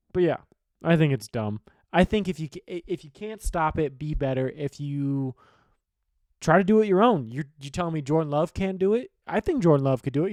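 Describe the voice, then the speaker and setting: A man's voice: on the high side, darkish tone, no echo, clean studio sound. Opinionated man in casual sports talk. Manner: rambling, opinionated, swears casually. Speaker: sports betting podcast host.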